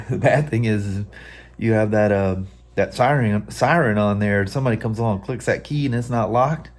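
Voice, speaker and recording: A middle-aged motorcycle vlogger talks casually at a moderate pace, first on a rainy outdoor ride and then at home. His voice sits on the low side and has a bit of hiss or hum; he's easygoing, chuckles often, and addresses both himself and his viewers.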